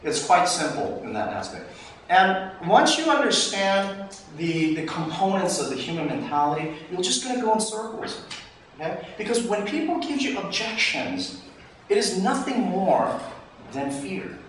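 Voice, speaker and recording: A man's voice: high-pitched, normal speed. A man teaching a live sales training session in a coaching manner, acting out what salespeople and customers say. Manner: animated, coaching, acts out customer lines. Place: training room. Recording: far-off mic in an echoey room, faint noise.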